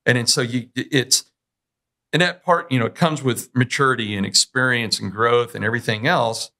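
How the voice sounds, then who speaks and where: A man hosting a conversational podcast in a bright, forceful voice. He tells long stories and slips into other people's lines as he goes. His pitch sits at an ordinary male middle. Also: moderate pace. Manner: long anecdotes acting out other people's words. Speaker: podcast host. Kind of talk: conversational interview.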